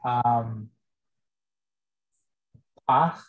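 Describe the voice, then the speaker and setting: A man student reading hesitantly at a very slow pace. His voice is husky. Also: medium pitch, narrow, tinny audio.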